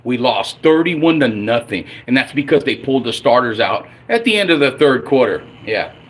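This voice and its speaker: A man's voice: medium pitch, sing-song, moderate pace, fairly bright tone. A man in his forties ranting angrily and profanely as a fan on his own livestream. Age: 40s. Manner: angry, profane, blunt. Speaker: livestream host.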